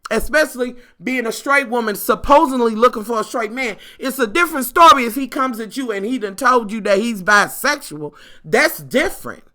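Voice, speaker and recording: A woman's voice: a little high, lively intonation, normal speed, hardly any pauses, pushed and bright. Sassy, profane woman ranting. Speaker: vlogger reacting to a reality show. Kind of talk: casual rant.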